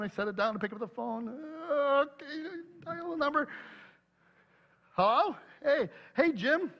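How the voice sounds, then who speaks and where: A man preaching a sermon, telling a personal story in an animated way and acting out his own worried thoughts aloud. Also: very high-pitched, highs cut off. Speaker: pastor.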